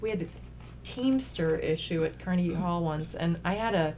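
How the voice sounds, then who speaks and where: A woman from New York, a guest chatting casually in a lively way and swearing freely. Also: fairly low pitch, moderate pace, a little hiss or hum. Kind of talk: casual podcast chat.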